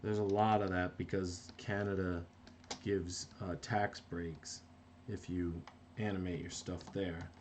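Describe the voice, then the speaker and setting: A man's voice: sits low, flat delivery, takes it slowly, darkish tone, a little hiss or hum. A middle-aged man from New Jersey, an animator chatting casually on a live stream while he works, reading viewer comments aloud and often breaking off mid-thought. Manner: rambling, self-interrupting, reads chat aloud.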